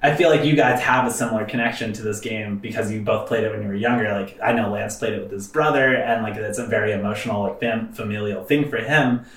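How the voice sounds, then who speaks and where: A man's voice: fairly low pitch, fast talker, few pauses, a bit bright, echoey room, far from the mic. A man hosting a let's play, chatting casually with rambling fillers and swearing. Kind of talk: casual gaming commentary.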